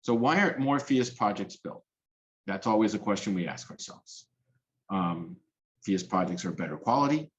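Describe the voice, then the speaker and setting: A man's voice: fairly low pitch, lively intonation, moderate pace, dull audio. A man presenting on policy in a webinar, earnest and self-correcting as he talks. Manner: earnest, with frequent restarts and fillers. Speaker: policy specialist presenting a talk.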